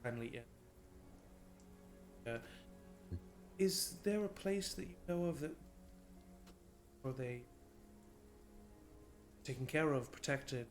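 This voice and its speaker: A man's voice: on the high side, animated, takes it slowly, pauses often, faint music behind. A man voicing a humble, courteous male cleric who speaks formally with some hesitation.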